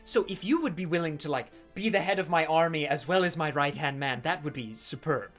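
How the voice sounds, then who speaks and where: A man's voice: fairly high pitch, brisk, fairly bright tone, faint music behind. A man voicing a nervous, friendly young king who speaks earnestly and hesitantly.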